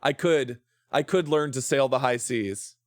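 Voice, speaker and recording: A man's voice: mid-range voice, measured pace, dry recording. Chatty, swearing male streamer, dry sound. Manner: chatty, rambling, playful, swears freely. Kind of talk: casual live-stream chat while gaming.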